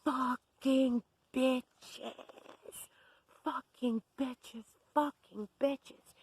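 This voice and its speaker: A woman's voice: fairly even intonation, very slow, a little mellow, husky, heavily acted. A storyteller voicing a raging, bug-eyed woman who shrieks and gasps frantically between lines. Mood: screaming. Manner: shrill, frantic, gasping between screams.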